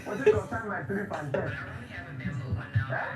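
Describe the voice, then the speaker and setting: A man speaking Nigerian Pidgin English as a driver in a comedy skit, excited, pleading and scolding. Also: sits high, measured pace. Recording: roomy, far from mic, loud music behind.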